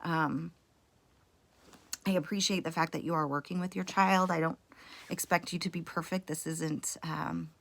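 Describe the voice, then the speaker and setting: A woman's voice: sits low, fairly even intonation, normal speed, creaky, pauses often, fairly bright tone. A woman teacher recording a mini reading lesson at home for parents and kids, explaining step by step in a patient way with frequent fillers.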